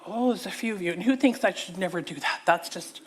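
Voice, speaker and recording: With a fairly low, slightly rough voice and a brisk pace, a woman preacher gives a sermon in church. She performs a story in theatrical voices, animated and working to engage the congregation.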